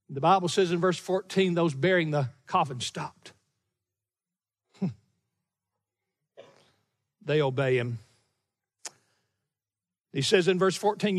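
A middle-aged man preaching a sermon as pastor, emphatic and slowing down on key phrases, with chuckling asides. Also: high voice, animated, a bit bright, big-room sound. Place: church sanctuary.

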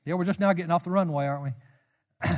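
A man preaching a sermon as a pastor, speaking with passion and sometimes rising to near-shouts. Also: fairly high pitch, quick pace. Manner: impassioned, rises to near-shouts. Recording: long hall reverb.

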